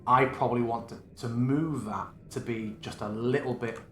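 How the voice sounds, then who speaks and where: A man's voice: medium pitch, steady tone, moderate pace, fairly bright tone, soft background music. Casual man thinking aloud in a roomy space. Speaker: game master demonstrating a virtual tabletop. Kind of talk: live screen-recorded tutorial.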